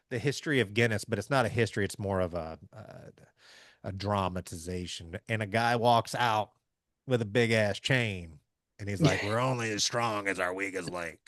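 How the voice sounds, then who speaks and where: A man from Southeast Missouri, hosting a casual business chat in an energetic, folksy way. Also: fairly low pitch, no echo, clean studio sound. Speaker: podcast host.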